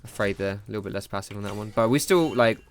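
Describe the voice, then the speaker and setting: A man's voice: on the low side, quick pace, slight background noise. A young man commentating his own gameplay live, self-critical and rambling, with casual slang and swearing. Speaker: gaming streamer.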